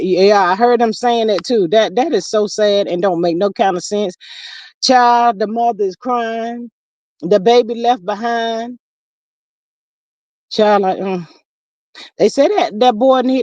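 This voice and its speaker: A woman's voice: a little high, measured pace, darkish tone, no echo, dull audio. A woman hosting a livestream, casually chatting and reading viewer comments aloud in a drawling, familiar way. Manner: chatty, drawling, calls everyone child and girl. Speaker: livestream host.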